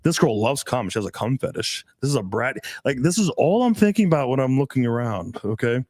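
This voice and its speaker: A man coaching on dating in casual podcast chat, talking in an animated, emphatic way with a lot of swearing. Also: medium pitch, brisk, no echo.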